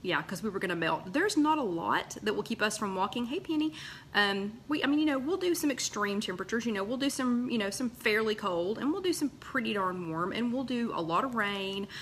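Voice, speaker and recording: A woman's voice: medium pitch, expressive, brisk, slight background noise. A woman hosting a casual live stream, chatting and greeting viewers by name with plenty of fillers. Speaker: host of a live weight-loss chat.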